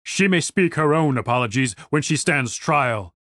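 A man's voice: medium pitch, lively intonation, moderate pace, a bit bright, no room sound, clean studio sound, natural voice. A man voicing a stern older city guard who speaks in stiff, formal phrases.

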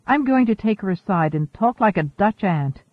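A man reading the lines of a gentle, wise woman space traveler in an audiobook. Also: high voice, expressive, normal speed, no echo. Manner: gentle, reasoning. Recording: thin phone-like dry audio.

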